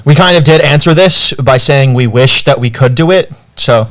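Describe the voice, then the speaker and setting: Hesitant man with a mid-pitched voice. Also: normal speed, a bit bright. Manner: hesitant, many fillers. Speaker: podcast co-host. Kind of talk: casual chat.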